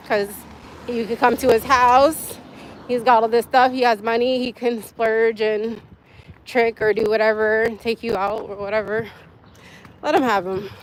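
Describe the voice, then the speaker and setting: A young woman whose voice sits on the high side hosts a casual livestream from her phone, with a little hiss or hum in the audio. She chats openly and ramblingly with viewers, laughing often.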